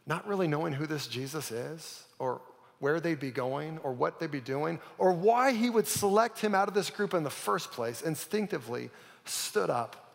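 Man preaching in a reverberant hall. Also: a little high. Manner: dramatic storytelling, drops to a hush for key moments. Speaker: pastor. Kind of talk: sermon storytelling. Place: church auditorium.

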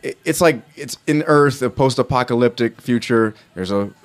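A man in casual chat, halting and repeating words as he recommends a comic. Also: medium pitch.

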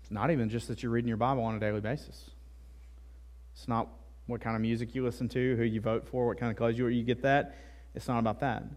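A man's voice: mid-range voice, level tone, fast, a little mellow. A male pastor delivering a sermon in a conversational way, with frequent asides and tag questions. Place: church.

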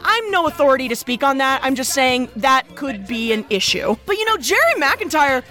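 A woman's voice: high voice, very animated, moderate pace, pushed and bright, soft background music. A woman co-hosting a casual recap of a musical, chatty and thoughtful, with lots of "like" fillers. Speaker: podcast co-host.

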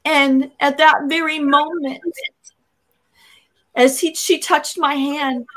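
A woman's voice: sits high, fairly even intonation, takes it slowly, fairly bright tone. An adult woman sharing a personal faith testimony in an interview, earnest and vivid, acting out her own past words as she goes. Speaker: interview guest.

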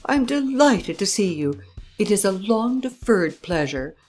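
A woman's voice: lowish voice, big pitch swings, moderate pace, darkish tone, soft background music, pitched above the performer's own voice. A woman voicing an eager, anxious middle-aged male castle owner, exclaiming in a raised voice.

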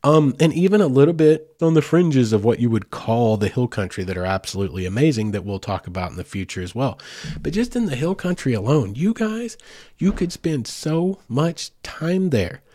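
A man's voice: mid-range voice, expressive, fairly quick, warm tone, dry recording. A man hosting a podcast, chatting loosely with many fillers and restarts. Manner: rambling, chatty, with fillers and self-corrections. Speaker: podcast host. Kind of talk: casual monologue.

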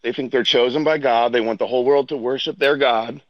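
A man's voice: medium pitch, steady tone, fairly quick, no room sound. Guy out of breath walking outside, pushy and argumentative, muffled lo-fi audio, dry. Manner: insistent, argumentative. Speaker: debate guest. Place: outdoors, walking.

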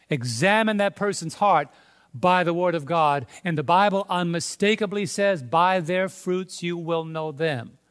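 A man with a New York accent preaching a sermon, emphatic, with sudden loud stresses on key words. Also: on the high side. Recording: long hall reverb.

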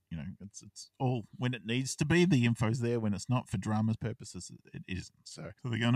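A man's voice: lowish voice, darkish tone, dry recording, clean studio sound, far from the mic. A man chatting casually as a podcast co-host, rambling through an episode recap, swearing and acting out bits of the scenes. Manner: rambling, swears freely, acts out scenes in quick quoted voices.

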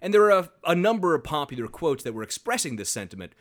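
A man's voice: a little high, sing-song, fast. A man hosting a casual discussion podcast, chatty and wry with frequent fillers. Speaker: podcast host.

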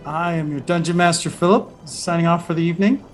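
A man's voice: fairly high pitch, fairly even intonation, fast, faint music behind. A man running a tabletop game as game master, narrating in a rambling way with many fillers.

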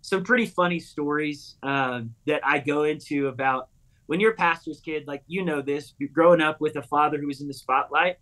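A man's voice: fairly high pitch, normal speed. Earnest man retelling a personal story. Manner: earnest, animated retelling with quoted dialogue. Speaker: pastor and author. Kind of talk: personal storytelling in a talk-show interview.

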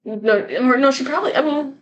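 Giggly woman podcast host, highish voice, faint hiss behind her. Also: a little fast, dull audio. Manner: giggly, reads stories aloud. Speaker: podcast host reading horror stories. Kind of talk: casual podcast chat.

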